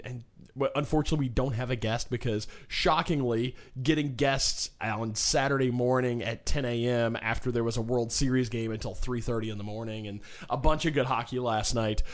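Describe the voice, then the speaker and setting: A man's voice: mid-range voice, fairly even intonation, moderate pace. A man co-hosting a casual sports podcast, talking in a loose, joking, rambling way with lots of fillers. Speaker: podcast co-host.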